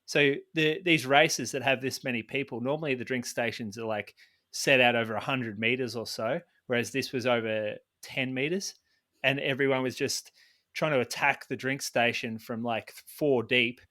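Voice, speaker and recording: A man's voice: mid-range voice, steady tone, moderate pace, sharp tone. A man co-hosting a podcast, asking questions and explaining his views in a casual way. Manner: explanatory, opinionated, asks follow-up questions. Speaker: podcast co-host. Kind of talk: casual conversational chat.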